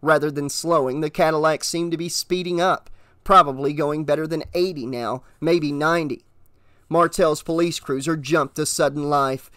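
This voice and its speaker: A man narrating an audiobook in a steady, measured reading voice. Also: on the high side, no echo, clean studio sound.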